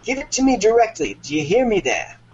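A man's voice: high voice, big pitch swings, a little fast, a little mellow, dull audio, a little hiss or hum, voice pushed up. A man voicing a commanding naval captain who barks orders in a raised voice.

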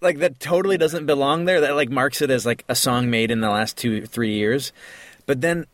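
Ein Mann moderiert locker einen Musik-Podcast, trocken und nah aufgenommen. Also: male voice, medium pitch, moderate pace, dry recording. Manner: enthusiastic, chatty, many "like"s. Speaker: podcast host. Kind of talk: casual chat about music.

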